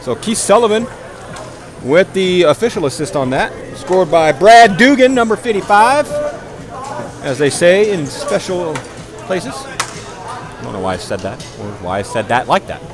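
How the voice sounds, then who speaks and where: A man calls a ball hockey game play by play in a high voice that leaps up and down. He sounds tired after hours of talking, yet keeps cracking jokes at his own expense. Each goal lifts him into a louder, quicker call. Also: a crowd in the background. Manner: joking, self-mocking, rising excitement on goals. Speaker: play-by-play commentator.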